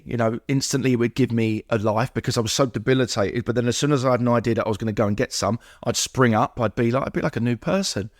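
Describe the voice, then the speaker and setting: A man with a mid-range voice appears as a podcast guest, recorded at studio quality with no room sound. Heartfelt and earnest, he repeats himself often and rattles off lists in rhythmic sequences.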